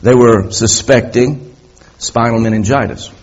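A man's voice: mid-range voice, a little slow. A male preacher telling stories with impassioned emphasis during a sermon, repeating key words, on a dull, lo-fi recording.

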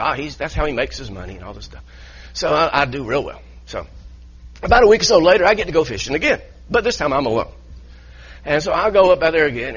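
A man, a pastor, telling an animated story in a sermon with laughing asides. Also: high-pitched, husky. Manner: animated, laughing asides, grows heated in retelling. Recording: dull lo-fi sound.

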